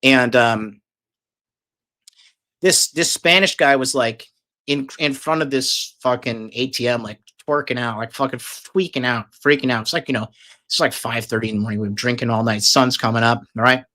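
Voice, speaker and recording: A man's voice: medium pitch, fairly even intonation, normal speed, pushed and bright. A man telling a long, casual story, rambling and swearing heavily with lots of fillers. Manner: profane, rambling, filler-heavy.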